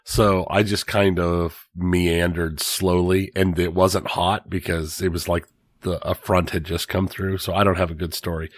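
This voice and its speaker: A man's voice: low-pitched, little pitch movement, measured pace. A man co-hosting a podcast in casual chat, wry and joking. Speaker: podcast co-host.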